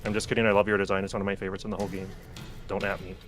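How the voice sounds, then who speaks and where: Deep-voiced dude streaming a game, jokey and chatty, bit of music behind. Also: male voice, flat delivery, racing. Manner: chatty, joking, talks to game characters. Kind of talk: casual gameplay commentary.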